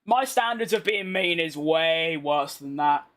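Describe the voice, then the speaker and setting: A young British man with a fairly high voice chats over a racing game, answering his viewers with blunt, cheeky banter. He talks in a loose, unscripted way, often trailing off and restarting. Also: animated, a little slow, fairly bright tone. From Britain. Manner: chatty, blunt, reads chat and banters back. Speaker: gaming streamer. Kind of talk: casual commentary over gameplay.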